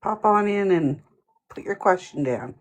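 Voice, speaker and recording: A woman hosting a relaxed live stream. She reads out viewers' comments and answers each one in a playful, easygoing way. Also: medium pitch, a little slow. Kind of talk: casual live-stream chat.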